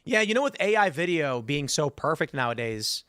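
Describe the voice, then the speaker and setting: A man hosting a casual political panel, telling animated stories and acting out quotes. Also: a little high, normal speed, dry recording, studio quality. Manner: animated storyteller, acts out quotes. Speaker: host.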